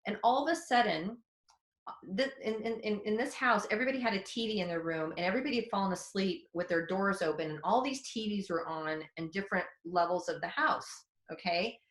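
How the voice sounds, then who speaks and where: A woman in her forties, a psychic development teacher, telling a story in a webinar in a casual, candid, animated way with mild swearing. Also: mid-range voice, a little fast, reverberant.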